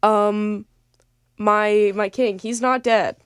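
A woman's voice: medium pitch, fairly even intonation, very slow, smooth. A young woman hosting a late-night radio show, chatting casually and rambling with lots of fillers and restarts. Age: young adult.

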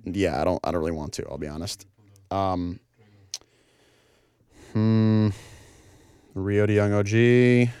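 A young man hosts a college radio show from a small studio, talking into a close microphone with a smooth, resonant voice. The sound is dry and close. He rambles, apologizes and fills gaps with ums. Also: lowish voice, steady tone, unhurried, pauses often, mellow, no echo. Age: young adult. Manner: easily flustered, apologetic, rambling with fillers. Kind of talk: casual radio chat.

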